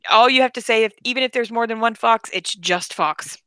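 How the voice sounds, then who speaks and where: Casting note: chatty woman, bright and forceful tone, dry close sound. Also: fairly high pitch, brisk, no echo. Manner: blunt, joking, chatty. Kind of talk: casual chat.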